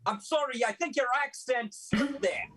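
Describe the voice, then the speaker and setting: A man performs improvised comedy in a dry, hesitant voice. His tone is bright and sharp. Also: very high voice, moderate pace, rough recording. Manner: dry, hesitant, many uh fillers.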